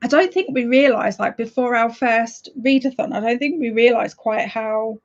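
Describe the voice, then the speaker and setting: A woman's voice: on the high side, normal speed, lo-fi sound. A woman hosting a reading livestream, chatting casually and giggling as she reads out viewer comments. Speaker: streamer hosting reading sprints.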